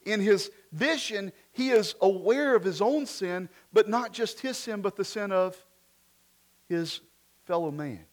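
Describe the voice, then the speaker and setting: A man preaching a sermon, switching between loud emphatic lines and quiet asides, and putting rhetorical questions to the congregation. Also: high voice, animated, unhurried. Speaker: pastor.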